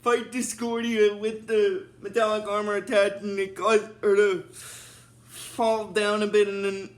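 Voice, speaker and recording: A man's voice: high-pitched, little pitch movement, a little slow. A man casually recapping a TV episode, rambling along with many fillers. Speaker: show recap host.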